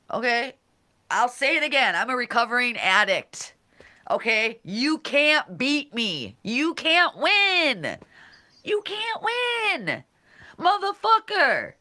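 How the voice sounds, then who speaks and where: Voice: medium pitch, bright, forceful tone, dry recording. A solo livestream host reading chat comments aloud and answering them in a blunt, profane, combative way. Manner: talks back to chat comments directly.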